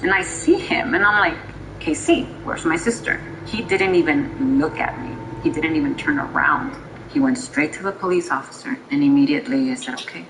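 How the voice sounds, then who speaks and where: A woman tells the story of her missing sister with force and emotion. Her voice is very low for a woman. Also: background noise. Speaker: victim's sister. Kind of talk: documentary interview.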